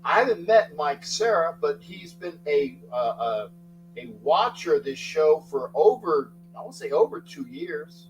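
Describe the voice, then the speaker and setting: An older man hosts a live sports talk stream, rambling casually, shouting out viewers by name and restarting often. His slightly high voice swings widely in pitch at a slightly slow pace, picked up by a distant mic with faint mains hum.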